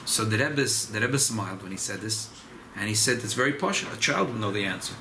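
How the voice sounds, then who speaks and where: Animated rabbi teaching a lively class. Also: male voice, brisk, noisy background. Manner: animated, rising pitch on emphasis, Yiddish and Hebrew terms mixed in. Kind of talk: informal Torah class.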